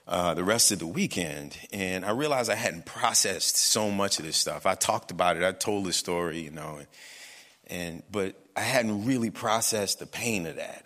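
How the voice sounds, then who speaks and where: A man telling a personal story on stage, earnest and reflective, often halting and restarting. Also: low-pitched, bright, forceful tone, in a large hall.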